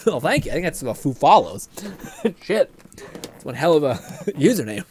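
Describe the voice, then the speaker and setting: A man's voice: fairly high pitch, sing-song, normal speed, breathy edge, soft background music. A young man streaming live, chatting casually, reading chat aloud, laughing often and swearing freely.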